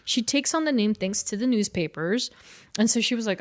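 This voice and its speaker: A woman co-hosting a podcast, casually recapping a comic story with lively storytelling, frequent laughs and fillers. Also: on the high side, brisk. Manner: animated storytelling, laughing often, many fillers. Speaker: podcast co-host.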